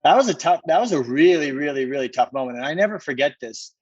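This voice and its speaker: A man's voice: on the high side, expressive, fast talker, husky, highs cut off. A middle-aged man from Minneapolis telling a personal story as a podcast guest, earnest and emphatic, often restarting his sentences. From Minneapolis, USA.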